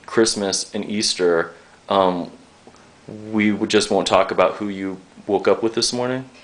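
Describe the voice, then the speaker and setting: A man's voice: lowish voice, steady tone, a little slow. A young man interviewing a guest, rambling, joking and swearing freely as he gets emotional.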